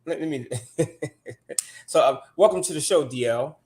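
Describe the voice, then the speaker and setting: An American man co-hosting a casual talk show, blunt and animated as he tells stories and answers comments. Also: on the high side, moderate pace. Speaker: podcast co-host. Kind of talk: casual chat.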